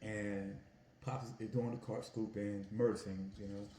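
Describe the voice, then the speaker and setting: A man in his home kitchen, telling stories about his Italian ice business in an animated, folksy way while he cooks. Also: fairly low pitch, measured pace, echoey room, slight background noise. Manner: animated, folksy storytelling with "y'all" and "family". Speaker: food vlogger and Italian ice vendor. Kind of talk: casual storytelling while cooking.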